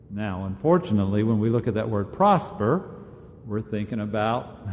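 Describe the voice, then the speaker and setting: A man's voice: mid-range voice, expressive, moderate pace. A man preaching a sermon in a conversational, self-mocking way, chuckling at himself. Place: church. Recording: dull sound with long reverb in a church.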